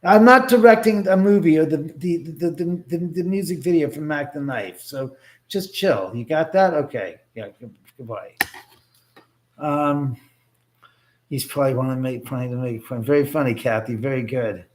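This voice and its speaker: A man's voice: fairly high pitch, normal speed. Rambling man hosting a casual livestream. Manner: rambling, jokey asides to chat, many restarts. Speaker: livestream host and filmmaker.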